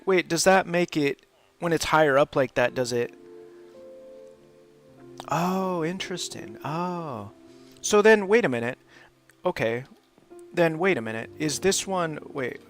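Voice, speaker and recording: His voice a little high and a bit bright, this English teacher rambles through a relaxed chat while gaming on his livestream, breaking into laughter frequently.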